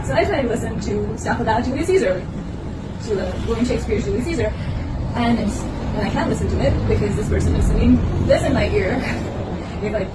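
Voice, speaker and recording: A woman's voice: on the high side, brisk, over a noisy crowd. A woman talking in a casual, rambling monologue, often laughing and acting out what others said. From South Asian family. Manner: laughs often, acts out quotes. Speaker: podcast host. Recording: roomy, distant, noisy.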